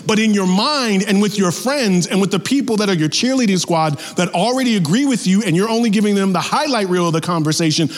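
A man preaching a sermon as pastor, talking in a lively, conversational way with acted-out asides. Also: high voice, a little fast, few pauses, long reverb tail.

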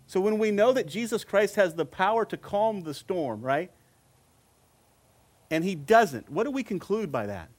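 A middle-aged man preaching a sermon, repeating phrases for emphasis and slowing down to stress scripture quotes. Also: high-pitched, lively intonation.

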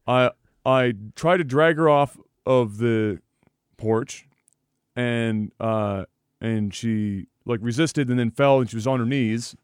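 A man co-hosting a podcast, telling a profane, animated story full of laughter in casual talk. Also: medium pitch, takes it slowly, clear, resonant tone, dry recording, clean studio sound. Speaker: podcast co-host.

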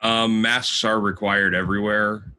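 A man's voice: lowish voice, level tone, a little slow, bright, forceful tone, clear, resonant tone. A man from Galveston co-hosting a podcast, chatting casually while traveling, swearing freely and laughing often. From Galveston, Texas. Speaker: podcast co-host. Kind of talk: casual chat. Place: rented apartment while traveling.

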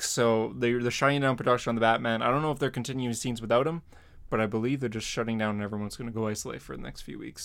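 Male podcast host, mid pitch, loose rambling delivery with fillers. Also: creaky, a bit bright. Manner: rambling, lots of fillers and laughs. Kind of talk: casual chat.

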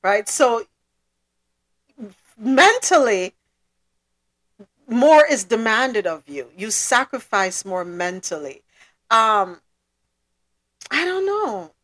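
A woman hosting a casual podcast chat, thoughtful and quick to laugh. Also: fairly high pitch, big pitch swings, a bit bright. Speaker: podcast host.

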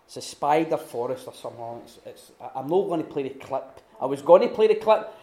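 Animated man teaching in an echoey room. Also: a little high, brisk. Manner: animated storytelling with many restarts and acted-out quotes. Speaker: retreat speaker. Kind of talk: informal teaching talk. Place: room at a retreat.

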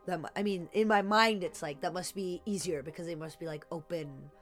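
A woman's voice: on the low side, brisk, faint music behind. A woman guest in a casual podcast chat, thoughtful and given to mocking imitations of others. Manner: reflective, mocking quotes.

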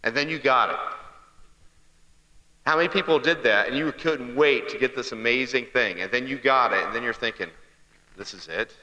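A man's voice: medium pitch, moderate pace, bright, forceful tone, echoey room, long reverb tail, dull audio. A man giving a humorous sermon, telling stories and asking the congregation questions in a conversational way. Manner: conversational storyteller, asks the crowd questions.

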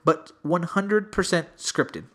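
A man's voice: high voice, takes it slowly, a bit bright. A man casually telling a long story to a friend, acting out the people in it.

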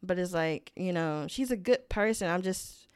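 A woman's voice: lowish voice, expressive, moderate pace, darkish tone, clean tone, no echo, clean studio sound. A young woman co-hosting a casual podcast, talking hesitantly about a one-sided friendship, often trailing off and restarting. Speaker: podcast co-host. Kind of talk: casual advice chat.

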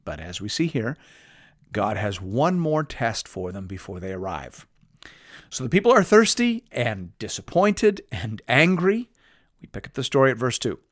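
A man preaching, reading a Bible passage aloud and stopping to explain it in a measured, teaching way. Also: medium pitch, very animated, dry recording, studio quality. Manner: measured, explanatory, reads scripture aloud with emphasis.

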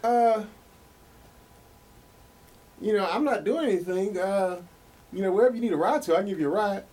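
A man voicing a pushy male stranger, speaking in a hesitant, halting way. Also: high-pitched, darkish tone, voice pushed up, rough recording. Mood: wheedling. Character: pushy adult man, a stranger offering a ride.

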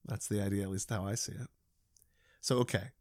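A man's voice: fairly low pitch, fairly even intonation, fairly quick. A man hosting a podcast, talking in a reflective, conversational way. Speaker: podcast host. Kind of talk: casual interview chat.

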